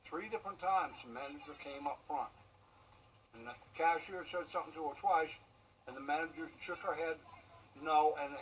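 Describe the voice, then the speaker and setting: A man being interviewed, recounting a complaint in a halting, repetitive first-person story with frequent fillers. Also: a little high, slight background noise, rough recording. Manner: repetitive storytelling, keeps saying "I turned around and I said". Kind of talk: conversational first-person account.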